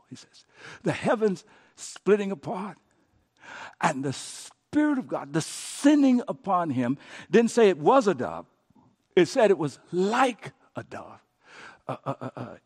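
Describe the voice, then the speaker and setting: A man preaching a sermon as pastor, swinging from loud emphatic lines down to soft whispers. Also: sits high, husky.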